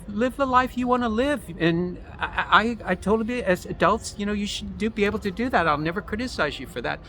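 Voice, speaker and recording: American man, halting speech, repeats words, street chat outdoors, faint traffic behind. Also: on the high side, a bit bright. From United States. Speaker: guest. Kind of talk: casual street conversation.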